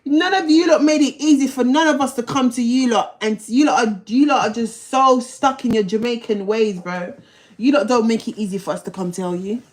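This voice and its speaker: A woman's voice: a little high, a little fast. A woman telling a personal story on a livestream. She talks bluntly, in slang and profanity, and often repeats herself. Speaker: livestream host.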